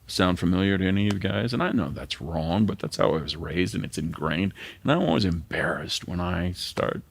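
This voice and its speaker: A middle-aged man, a pastor, preaching a sermon in an earnest way and sometimes dropping to a hushed near-whisper. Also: low voice, animated, brisk, gravelly.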